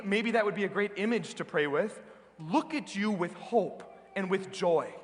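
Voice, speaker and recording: A man with an American accent preaching a sermon as a priest, earnest and emphatic, slowing down on key words. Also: high-pitched, fairly bright tone. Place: large church. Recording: reverberant church hall.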